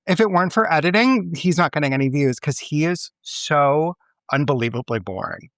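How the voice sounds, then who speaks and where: A man's voice: on the high side, fairly quick, fairly bright tone, dry recording. A man co-hosting a podcast in casual chat, ranting bluntly and swearing often. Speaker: podcast co-host; teacher.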